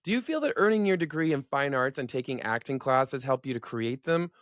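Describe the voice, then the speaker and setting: A man's voice: medium pitch, expressive, brisk, fairly bright tone, no room sound, studio quality. A man hosting an interview, asking earnest, enthusiastic questions. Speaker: host.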